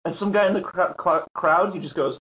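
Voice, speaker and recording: A man's voice: sits high, fairly quick, muffled recording, noisy background. A man telling a story in a casual podcast chat, acting out what others said and laughing often. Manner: animated, acts out quotes, laughs often. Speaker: guest, Magic tournament player.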